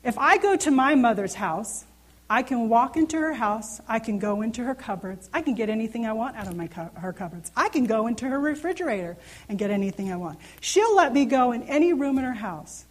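An expressive woman in her thirties, voice on the high side and fairly quick, teaches the Bible informally with a handheld microphone. Earnest and conversational, she keeps asking her listeners questions.

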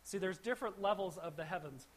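A woman's voice: lowish voice, quick pace, husky. Conversational woman teaching scripture. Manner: conversational, with frequent restarts and asides. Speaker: Bible teacher. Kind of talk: verse-by-verse Bible teaching.

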